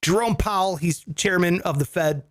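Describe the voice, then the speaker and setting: A man's voice: high-pitched, moderate pace, no echo. A man co-hosting a comedy finance podcast, explaining with jokes and casual swearing. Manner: animated, jokey, swears casually. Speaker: co-host.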